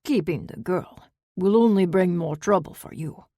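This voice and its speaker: A woman's voice: fairly low pitch, normal speed, warm tone, no echo, studio quality, natural voice. A woman reading an audiobook, voicing a menacing male crime boss with a growling Eastern European accent. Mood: threatening. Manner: growling, cold, leering.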